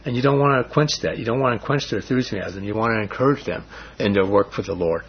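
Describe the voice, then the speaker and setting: A man's voice: on the low side, fast talker, slight background noise. A middle-aged man leading a Bible study in an earnest, rambling, casual way, with frequent restarts. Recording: dull lo-fi recording.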